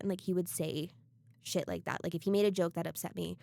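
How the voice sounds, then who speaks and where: A young woman co-hosting a casual podcast, telling stories candidly, rushing at times and then slowing for emphasis. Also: on the low side, steady tone, gravelly, dark tone, no echo, studio quality. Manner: candid storytelling, rushes then slows for emphasis. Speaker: podcast co-host. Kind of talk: casual chat.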